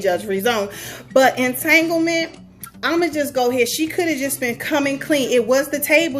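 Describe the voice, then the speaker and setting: A woman hosting her own show, chatting in a sassy, playful way and talking straight to her listeners. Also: high-pitched. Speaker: podcast host. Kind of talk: casual commentary.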